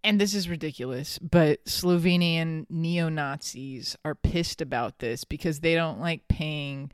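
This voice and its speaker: A podcast host telling a story in casual chat, animated and quick to laugh. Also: medium pitch, clear, resonant tone, no echo, clean studio sound. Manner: animated, laughing often, some restarts.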